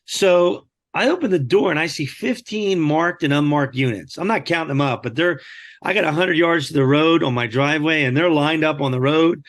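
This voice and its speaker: A man, a podcast guest, telling a story animatedly and acting out quoted lines. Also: a little high. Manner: animated, acts out quoted dialogue. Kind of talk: storytelling in conversation.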